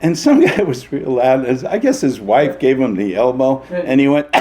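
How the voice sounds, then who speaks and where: Animated older man spinning theatre stories. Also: mid-range voice, moderate pace. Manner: animated raconteur, acts out voices, laughs often. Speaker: interview guest, veteran stage actor. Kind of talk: anecdotal storytelling.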